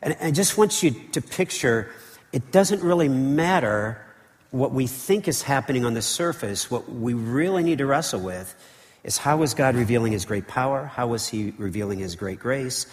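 A man preaching a sermon as pastor, with lively, conversational delivery full of "okay" and "right". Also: mid-range voice, normal speed, big-room sound. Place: church sanctuary.

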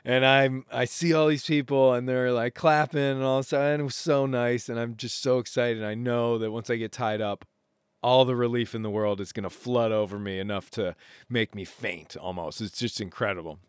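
A man hosting a podcast, casually retelling an adventure in a rambling, animated way with self-interrupting restarts. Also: mid-range voice, normal speed, clean tone, no echo, studio quality. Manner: rambling, animated retelling with laughs and acted quotes. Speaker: podcast host. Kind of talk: casual storytelling monologue.

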